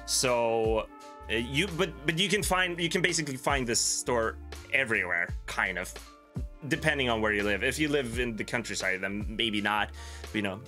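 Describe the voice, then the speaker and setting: A man's voice: medium pitch, normal speed, pushed and bright, soft background music. A young Swedish man with a Swedish accent, hosting a casual livestream, rambling and chuckling at his own jokes while he answers viewers. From Sweden. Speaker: livestream host. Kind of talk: casual livestream chat reading viewer comments.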